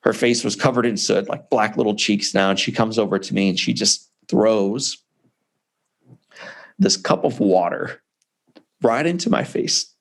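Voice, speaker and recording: A man in his forties, from Missouri, tells a deeply personal story with earnest passion and long dramatic pauses. His low voice has a gravelly, creaky edge. He speaks to the host over a video call. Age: 40s. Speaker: author and guest speaker. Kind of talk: emotional personal storytelling in an interview.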